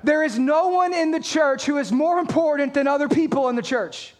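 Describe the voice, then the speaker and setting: A man preaching a sermon as pastor, energetic and conversational, asking the congregation questions and reading scripture aloud. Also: extremely high pitch, fairly quick.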